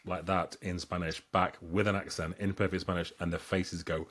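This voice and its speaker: Male co-host, lower voice, emphatic conversational delivery. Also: little pitch movement, normal speed, fairly bright tone, slight background noise. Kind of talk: casual chat.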